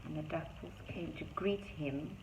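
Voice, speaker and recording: Reading a rhyming picture book to little kids, a low-voiced woman takes an unhurried sing-song pace and chats about the illustrations along the way. The background is noisy, and the room sounds dull and echoey.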